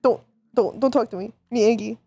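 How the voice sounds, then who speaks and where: A woman's voice: fairly high pitch, a little fast, vocal fry, dark tone, slightly rough, no echo, soft background music. A woman streamer in playful VR role-play, silly and giggly, humming sing-song noises.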